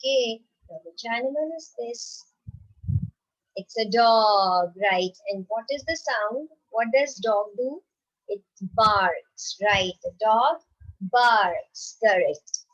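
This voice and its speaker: A woman with a fairly high voice teaches young children at an unhurried, deliberate pace. She repeats each question and answers it herself, tagging "right?" onto almost every point. The recording sounds dull and lo-fi. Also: expressive. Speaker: primary school teacher.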